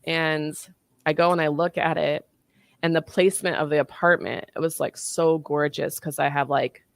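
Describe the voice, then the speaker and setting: Speaking at an ordinary pace in a deep, gravelly voice, a woman in her thirties recounts something from her own life during a relaxed chat. The recording is dry, and she animatedly performs each quoted line in character.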